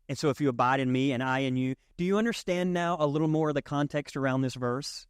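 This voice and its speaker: A man's voice: mid-range voice, fast talker, few pauses, smooth, no echo, studio quality. A male pastor preaching a sermon in a conversational way, often checking in with his listeners.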